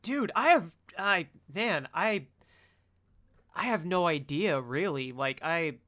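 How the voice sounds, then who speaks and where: A man's voice: a little high, expressive, slow pace, bright, forceful tone. A man co-hosting a casual movie podcast, jokey and hesitant, stumbling over his words. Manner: hesitant, stammering restarts, jokey. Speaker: podcast co-host.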